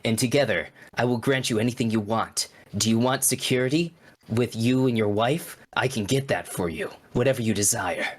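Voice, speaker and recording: A man voicing an ancient monster in a deep, guttural voice, speaking slowly as it tempts and threatens. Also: natural voice. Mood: tempting.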